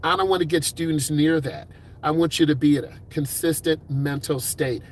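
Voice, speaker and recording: A man's voice: a little high, steady tone, a little hiss or hum. Upbeat, encouraging male driving instructor. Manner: upbeat, encouraging, puts on quick voices for quoted people. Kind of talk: casual advice talk to camera.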